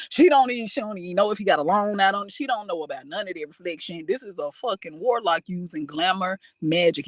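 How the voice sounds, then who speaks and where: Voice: mid-range voice, fairly bright tone, dry recording. A reaction host giving sassy, profane commentary straight to the viewer.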